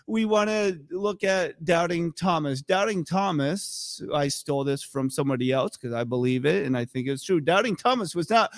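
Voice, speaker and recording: An American man preaching a sermon as pastor, telling the story with animated acted-out quotes. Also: high voice, no echo, clean studio sound.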